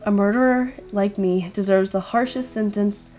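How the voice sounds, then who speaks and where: A woman voicing a remorseful teenage schoolgirl who has killed someone, speaking low, quiet and resigned. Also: steady tone, a little slow, faint music behind, close to an everyday voice.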